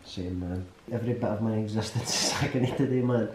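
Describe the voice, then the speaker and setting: A man's voice: on the low side, fast talker. A young Scottish man chatting casually at home in a dry, jokey way. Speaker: vlogger's fiancé. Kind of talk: casual chat. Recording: roomy echo, faint noise.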